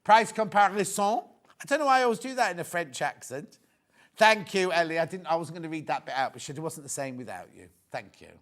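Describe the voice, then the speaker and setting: A man's voice: fairly high pitch, animated, brisk, a bit bright. A middle-aged man presenting a live TV sales show, chatting in rambling, joking asides between prices. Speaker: shopping channel presenter.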